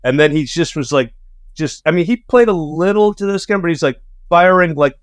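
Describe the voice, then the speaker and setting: A man's voice: a little high, fairly quick, smooth, dry recording, studio quality. A man co-hosting a podcast in casual chat, telling anecdotes and acting out the people he quotes. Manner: animated storyteller who acts out quoted people. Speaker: podcast co-host.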